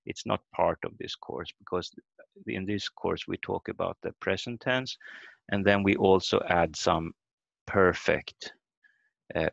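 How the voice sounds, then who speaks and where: A man's voice: low voice, gravelly, no echo. A man teaching a language lesson over a video call, explaining step by step and sounding out words letter by letter. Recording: dull lo-fi video call audio.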